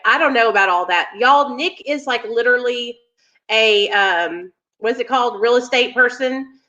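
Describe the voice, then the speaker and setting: A woman's voice: fairly high pitch, sharp tone, dull audio. A woman co-hosting a casual live stream and talking to viewers in a chatty way. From American South. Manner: chatty, addresses viewers as y'all. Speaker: co-host.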